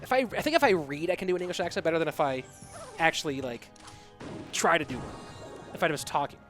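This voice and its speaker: Music plays clearly under this whole clip as a male esports caster and streamer calls a live tournament, reading chat. His voice is high and bright-sitting, his pace quick, and he gets excited over big plays while hyping up his viewers.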